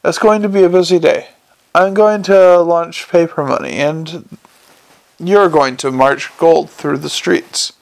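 A man doing a sharp, brisk young woman. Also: a little high, steady tone, vocal fry, dry recording. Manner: brisk, sharp, matter-of-fact.

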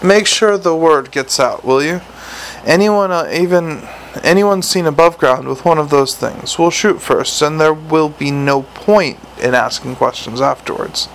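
A man reading a storybook who voices a weary middle-aged male watch commander, sarcastic and exasperated, with a gravelly voice. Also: on the high side, a little slow, slight background noise, rough recording. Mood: stern.

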